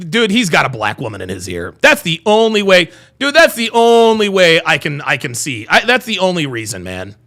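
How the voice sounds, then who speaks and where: A man's voice: on the high side, huge pitch swings, moderate pace, few pauses, bright, forceful tone. A man hosting a livestream, reacting to a video and reading chat, profane and repeating himself in disbelief.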